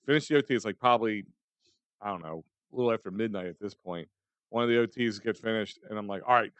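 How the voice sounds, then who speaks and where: A man's voice: lowish voice, fast, fairly bright tone, no room sound. A man, co-hosting a podcast and chatting about old memories. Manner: chatty, reminiscing. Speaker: podcast co-host. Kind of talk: casual chat.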